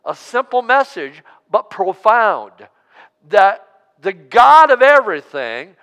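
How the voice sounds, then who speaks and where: A high-voiced man preaches from the pulpit, stretching out words slowly and calling on the congregation to say lines back with him. His voice is smooth and clear and rings through a reverberant church hall. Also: big pitch swings, sharp tone. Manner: preaching with call-and-response, drawn-out emphasis. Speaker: pastor. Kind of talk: sermon. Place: church sanctuary.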